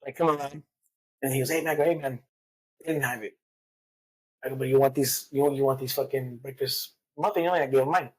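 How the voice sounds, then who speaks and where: Fast-talking husky woman. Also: extremely low pitch, a little mellow, low-quality recording. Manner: rapid, profane, acts out quoted voices. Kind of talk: casual storytelling chat.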